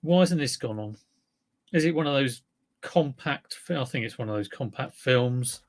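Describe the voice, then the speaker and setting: A man's voice: medium pitch, expressive, moderate pace. Chatty man telling dad jokes. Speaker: host of a live stream. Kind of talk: casual live-stream chat.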